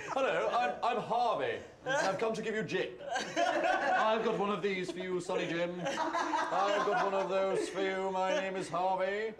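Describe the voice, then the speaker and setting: A man's voice: high voice, lively intonation, a little slow. A man putting on a mocking voice of a taunting male school bully. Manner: mocking sing-song taunts. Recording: echoey, noisy crowd behind.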